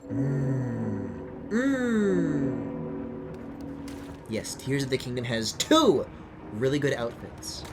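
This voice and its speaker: Male streamer, casual rambling commentary, swearing, very lively pitch, faint game music. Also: moderate pace. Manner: rambling, swearing, sudden excited squeals.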